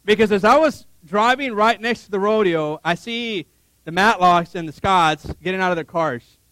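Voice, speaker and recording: Animated high-voiced male preacher. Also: moderate pace, clear, resonant tone, no room sound. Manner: animated, laughs often, acts out his own reactions. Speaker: pastor. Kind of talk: sermon storytelling.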